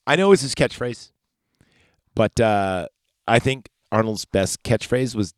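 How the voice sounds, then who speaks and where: A man's voice: mid-range voice, measured pace, no room sound. A man hosting a podcast, recapping a movie in a laid-back, chatty way that rambles into digressions and swearing. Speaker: podcast host.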